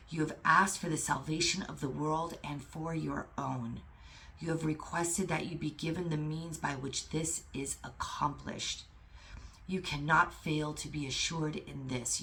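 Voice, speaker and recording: A woman's voice: sits low, vocal fry, fairly bright tone, a little hiss or hum. A woman reading a spiritual lesson aloud and commenting on it in a fervent, emphatic way, with casual swearing. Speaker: spiritual teacher.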